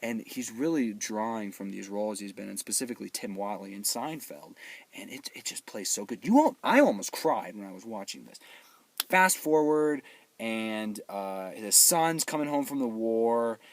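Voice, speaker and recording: A man hosting his own show, giving an excitable, rambling, joking recap of a movie and acting out the characters' lines. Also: lowish voice, moderate pace, no echo. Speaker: movie reviewer, show host.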